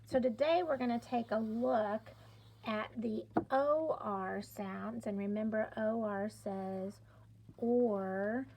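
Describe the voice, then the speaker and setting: Slow, gravelly-voiced woman teaching phonics. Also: on the high side, a little mellow, slight background noise. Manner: sounds out letters and stretches words clearly, encouraging. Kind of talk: slow, deliberate classroom instruction.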